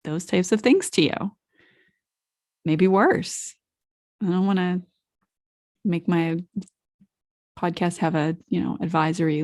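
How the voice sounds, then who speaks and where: A woman's voice: fairly low pitch, a little mellow. A woman hosting her own podcast in a solo monologue, reflective and asking the listeners questions. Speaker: podcast host.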